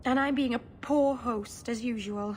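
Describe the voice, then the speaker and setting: An actress playing a sweet, nervous young elf mage in a game, rambling earnestly and putting herself down. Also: female voice, fairly high pitch, unhurried, darkish tone, a little hiss or hum, lightly acted. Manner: earnest, self-deprecating rambling.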